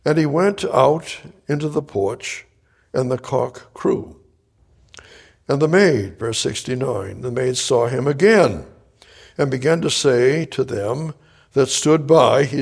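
A man teaches from the Bible verse by verse, his voice gravelly and a little husky. He speaks slowly and deliberately, rising to loud emphatic bursts and dropping to a hushed near-whisper. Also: mid-range voice. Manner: reads scripture then explains it, swinging from loud emphatic bursts to hushed quiet. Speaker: preacher.

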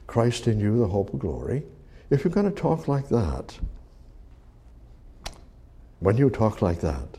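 A man preaching a sermon, swinging from slow, loud emphasis to quiet asides. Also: lowish voice, breathy edge.

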